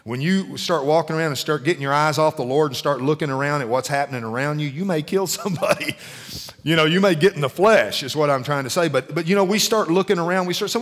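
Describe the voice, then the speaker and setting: A middle-aged man preaching in a casual, conversational style. His voice sits somewhat high for a man, and he keeps checking in with the congregation through questions. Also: fast talker, fairly bright tone. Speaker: pastor. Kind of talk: sermon.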